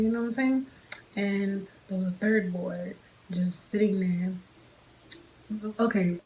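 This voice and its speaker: Woman vlogger, storytime, mid voice, animated slangy delivery with big jumps on quotes. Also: mid-range voice, measured pace, long pauses, slight background noise, low-quality recording. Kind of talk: casual storytime vlog.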